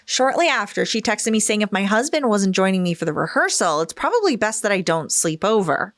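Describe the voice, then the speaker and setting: A woman's voice: mid-range voice, very animated, a little fast, no echo, studio quality. A woman podcast host reading a listener's story aloud, expressively acting out the quoted lines.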